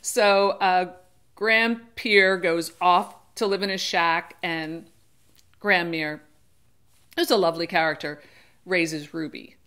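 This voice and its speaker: A woman's voice: on the low side, steady tone, takes it slowly, fairly bright tone, clear, resonant tone. A woman hosting her own channel, chatting casually through a book discussion and often correcting herself as she goes. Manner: chatty, digressive, often restarts and self-corrects; acts out characters in brief quoted voices. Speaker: book reviewer and channel host.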